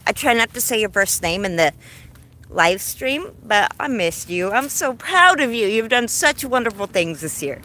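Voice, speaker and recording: On a livestream while out on a walk, a woman in her forties chats in an animated, sharp-toned voice on the high side, at normal speed, with slight background noise. She's effusive and heartfelt as she tells her stories.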